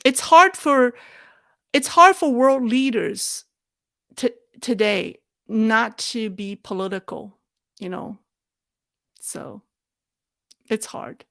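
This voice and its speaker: A woman hosting a live show and answering viewer questions in a thoughtful, halting way. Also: a little high, gravelly, no echo, studio quality. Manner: thoughtful, halting, with restarts and soft laughs.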